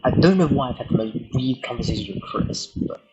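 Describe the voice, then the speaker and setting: A man chatting casually as a YouTuber, excitable, laughing often and swearing. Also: medium pitch, brisk, lo-fi sound. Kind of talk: casual commentary on chatbot chats.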